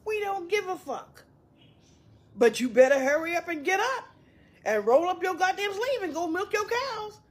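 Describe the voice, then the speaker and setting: A woman delivering an angry, mocking social media rant, profane and loud at times. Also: very high voice, sing-song, normal speed.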